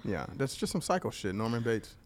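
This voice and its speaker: A man of middle pitch co-hosts a casual podcast chat. He reacts with dry jokes and reads short news items plainly. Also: very animated, fairly quick. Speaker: podcast co-host.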